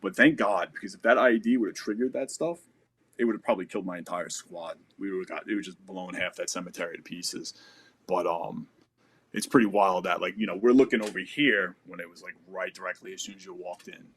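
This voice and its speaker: A man in his thirties, appearing as a podcast guest, tells a story in a low, brisk voice that's slightly bright and a little rough. His delivery is loose and casual, peppered with "like," "you know," and the occasional swear word.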